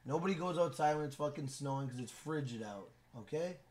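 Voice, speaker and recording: A man live-streaming a video game, loud and casual, swearing often and scolding his son between comments to the chat. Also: on the high side, animated, fairly quick. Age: adult with a school-age son.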